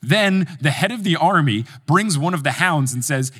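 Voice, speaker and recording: A man's voice: fairly high pitch, normal speed, husky. A man hosting a podcast on a live stage, casually retelling a story and acting out the characters. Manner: animated, acts out characters. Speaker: podcast host.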